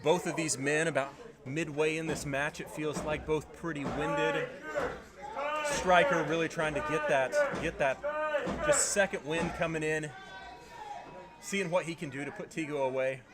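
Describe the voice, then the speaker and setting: A man's voice: a little high, unhurried. A man doing color commentary on a wrestling match, reacting and agreeing with his partner. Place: wrestling event venue. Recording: loud crowd all around. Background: loud crowd.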